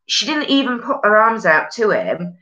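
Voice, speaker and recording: A woman's voice: mid-range voice, sing-song, normal speed, pushed and bright, highs cut off. A woman with a Yorkshire accent hosting a casual live stream, chatting bluntly and rambling with sweary northern slang. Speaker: live stream host reading viewer comments. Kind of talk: casual chat.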